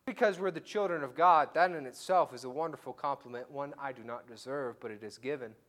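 A male pastor preaches a conversational, story-driven sermon to his church, acting out the quotes in his stories. His voice is medium-pitched, a bit bright, and fairly quick.

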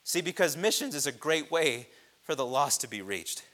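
A man preaching a sermon, impassioned, swelling loud on repeated phrases. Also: fairly high pitch, sing-song, normal speed. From grew up on a reservation.

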